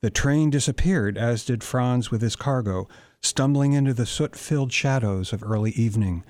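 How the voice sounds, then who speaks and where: A man, the author, reading his own novel aloud in a measured, deliberate way. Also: mid-range voice, darkish tone, dry recording.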